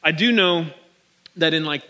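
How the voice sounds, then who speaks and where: A man's voice: fairly high pitch, moderate pace, bright, forceful tone. A man pastor giving a casual, joking sermon, talking straight to his congregation from a stage microphone. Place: large church hall. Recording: long reverb of a large hall.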